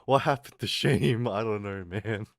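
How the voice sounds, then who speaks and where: A man's voice: lowish voice, unhurried, no echo, studio quality. A man streaming live, bantering crudely and mocking himself, laughing often and answering viewers' comments. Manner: chats back to viewers' comments. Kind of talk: casual live-stream chat.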